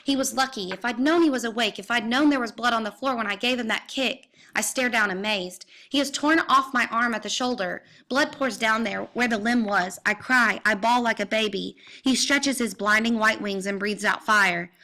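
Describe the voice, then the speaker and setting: Bright-voiced woman reading dramatically. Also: on the high side, normal speed, hardly any pauses. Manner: intense, vivid storytelling with rising cries. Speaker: reader.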